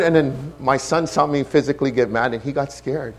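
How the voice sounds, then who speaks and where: A man preaching a sermon as pastor, impassioned, shifting between hushed and loud delivery. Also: medium pitch, moderate pace, slightly rough.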